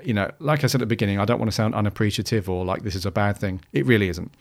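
A podcast host with a fairly low voice, talking loosely and circling back on himself. He fills his sentences with ums and restarts as he thinks aloud. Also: very fast, vocal fry. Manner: rambling, many restarts and fillers. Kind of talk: casual podcast monologue.

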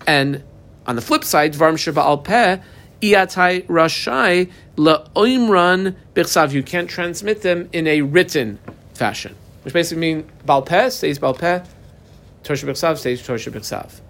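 A man giving a text study lesson, reading a passage aloud and then explaining it phrase by phrase in a conversational way, with pauses and rhetorical questions. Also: a little high, lively intonation, a bit bright. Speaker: religious text teacher.

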